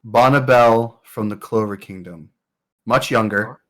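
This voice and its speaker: A man's voice: lowish voice, measured pace. A man narrating a tabletop game as game master in a loose, rambling way. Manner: loose, rambling, filler-heavy.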